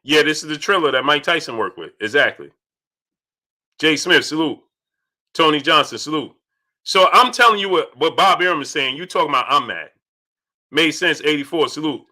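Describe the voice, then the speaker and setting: A young man hosting a casual live stream, reading viewer chats aloud and answering them in an animated way that repeats itself. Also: fairly high pitch, moderate pace, pauses often. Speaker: livestream host reading super chats. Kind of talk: casual livestream chat.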